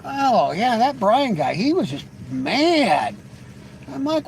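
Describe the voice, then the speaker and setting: A man's voice: very high-pitched, very animated, takes it slowly, creaky, poor audio. A man hosting a live stream, chatting casually with viewers in a rambling, teasing way, often stammering into restarts. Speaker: livestream host.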